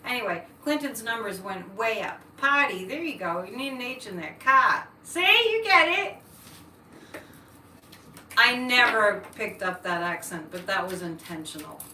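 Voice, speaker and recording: A woman hosts a psychic livestream, chatting with viewers, reading their comments, and breaking into ranting political asides. Her medium-pitched voice has a sharp tone, and she speaks at normal speed with hardly any pauses. The mic is set back in an echoey room, with a little hiss or hum.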